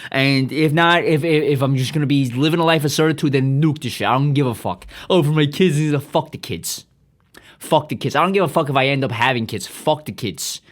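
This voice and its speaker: A man's voice: mid-range voice, fairly quick. A man hosting a podcast, delivering a profane, rambling, self-aggrandizing comedic monologue. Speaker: podcast host.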